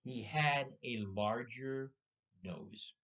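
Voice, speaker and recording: A man's voice: mid-range voice, extremely slow, a bit bright, rough recording. A man in his sixties hosting a casual talk show, telling stories and putting rhetorical questions to his listener. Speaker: podcast host. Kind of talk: casual storytelling chat.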